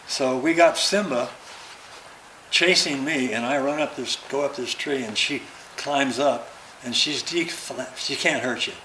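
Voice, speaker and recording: An older man spinning animated stories, slipping into the voices of the people he quotes as he goes. His pitch sits in an ordinary middle range. The room around him rings with a roomy echo and faint background noise. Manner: lively storyteller who acts out quoted dialogue. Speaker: interview guest. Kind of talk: casual anecdote telling.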